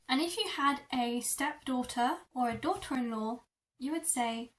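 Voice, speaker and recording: A woman teaching a beginner French lesson, saying each word slowly and repeating it. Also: high-pitched, recorded from a distance. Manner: slow, careful demonstration of words. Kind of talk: repeat-after-me language lesson.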